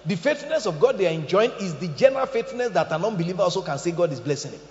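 Lively, high-voiced preaching man. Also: rapid-fire. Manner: animated preaching with shouted quotes and laughter. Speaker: pastor. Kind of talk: sermon. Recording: echoey hall, dull lo-fi sound.

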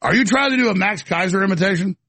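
A man's voice: high voice, quick pace, pushed and bright, slightly rough, dry recording. A male talk show host taking calls, blunt and skeptical with the caller. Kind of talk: call-in radio talk.

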